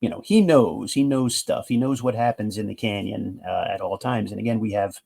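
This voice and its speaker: A man's voice: lowish voice, a little fast, gravelly, dark tone, breathy edge. A man casually reviewing a comic book, retelling the story with enthusiasm in a rambling way that is full of restarts.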